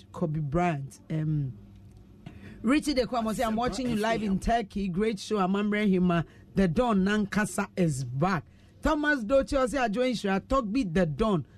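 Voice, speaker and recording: A woman's voice: mid-range voice, a little mellow, no echo. A Ghanaian woman hosting a radio show, chatting playfully and reading out listener messages. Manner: playful, teasing, laughs often. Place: radio studio.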